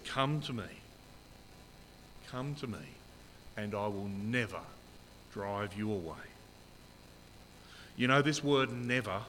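A man's voice: a little high, a bit bright, big-room sound. A middle-aged man preaching a sermon as pastor, earnest and emphatic, repeating key phrases.

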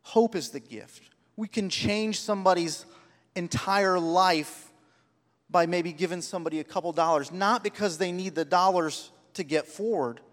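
A man's voice: sits high, big-room sound. A man preaching a sermon, telling personal stories with heartfelt, rising emphasis. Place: church sanctuary.

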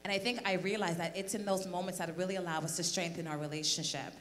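Woman talking fast and earnest, lowish voice, hall reverb and light hum. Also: fairly even intonation. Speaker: church speaker, wife. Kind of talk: testimony on a church panel. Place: large church hall.

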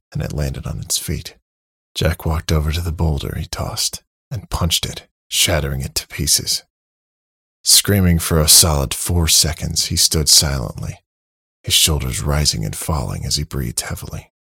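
A man narrating a story in a steady, dramatic reading with a husky, creaky voice. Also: extremely low pitch, no echo. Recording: dry close mic, faint music.

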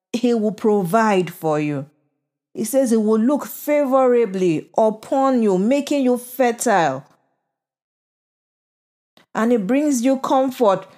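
A woman delivering a devotional sermon, slow and emphatic, encouraging, with lots of repetition. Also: fairly high pitch, a little mellow. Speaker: preacher.

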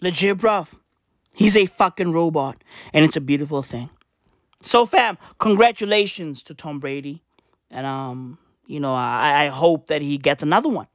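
A man's voice: a little high, animated, normal speed, a bit bright, no room sound, studio quality. A man ranting comedically and profanely, full of slang and repeated rhetorical questions. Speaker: vlogger. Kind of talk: comedic rant. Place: in South Africa.

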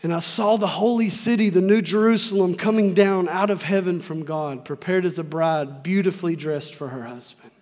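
A man preaches with fervor, repeating key lines to drive them home. His voice sits high for a man. A long reverb from the sanctuary trails each phrase. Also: moderate pace, hardly any pauses, a little mellow. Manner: fervent, repeats lines for emphasis. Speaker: pastor. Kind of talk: sermon. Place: church sanctuary.

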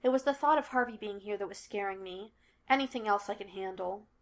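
A woman's voice: mid-range voice, a little fast, natural voice. Lady reading as a shaken widow, anxious but stubborn, storybook read-aloud. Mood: resolved. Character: frightened widowed woman, stubborn.

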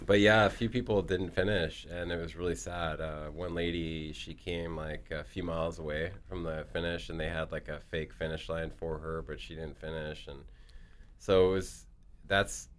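A man's voice: deep voice, fairly even intonation, moderate pace. A man chatting casually as a guest, telling a long story with lots of fillers and restarts. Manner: rambling, with many fillers and restarts.

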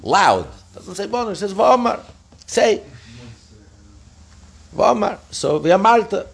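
A middle-aged man teaching a Talmud lesson, his pitch rising and falling freely as he explains. He reads a phrase, translates it, then corrects himself and moves on. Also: expressive, unhurried, vocal fry, slightly rough. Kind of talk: daily page study lesson.

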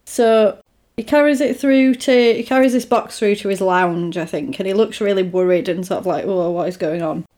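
A woman's voice: medium pitch, moderate pace. Chatty woman retelling a film. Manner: animated, acts out character lines. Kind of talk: casual chat retelling a film.

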